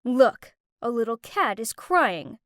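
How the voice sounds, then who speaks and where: A woman voices a sleazy young male thug in an animated story. He taunts and smirks as he talks. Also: on the high side, slow, no room sound, studio quality, heavily acted. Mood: taunting. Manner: mocking, smirking.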